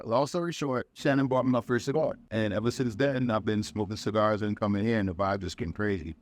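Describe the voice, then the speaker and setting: Lower-voiced man chatting in slang. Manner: loose, halting, slangy. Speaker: podcast co-host. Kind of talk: casual chat. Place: cigar bar.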